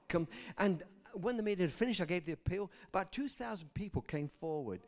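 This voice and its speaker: An older man preaching a sermon, telling personal stories and swinging from soft asides to loud emphasis. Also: high voice, expressive, fast, hardly any pauses.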